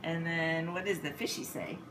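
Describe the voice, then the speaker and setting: A woman's voice: deep voice, steady tone, moderate pace, roomy sound. A woman playing an animal-sound game with a small child, asking sing-song questions and imitating animal noises. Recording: noisy home video.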